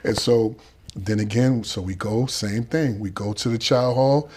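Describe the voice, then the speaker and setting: Animated Boston man telling stories. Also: lowish voice, unhurried, husky. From Boston, Dorchester. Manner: animated storyteller acting out quoted voices. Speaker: guest. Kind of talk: storytelling interview.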